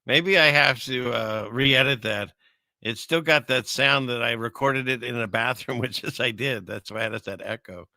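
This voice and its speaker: A man hosting casual commentary on video clips, rambling and chuckling through his asides, with a gravelly voice. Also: medium pitch, normal speed, bright, forceful tone, dry recording, clean studio sound. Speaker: host.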